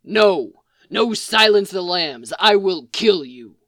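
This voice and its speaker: A woman voicing a gruff, surly grown man, a captive brawler who growls blunt threats in a storybook reading. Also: on the low side, unhurried, no room sound, studio quality.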